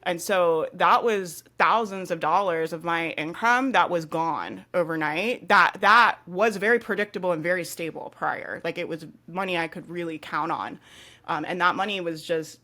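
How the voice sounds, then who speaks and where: A woman's voice: lowish voice, moderate pace, bright, forceful tone. Candid, emphatic young woman guest. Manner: emphatic, candid, swears casually, uses many fillers. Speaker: interview guest, entrepreneur. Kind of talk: casual podcast interview.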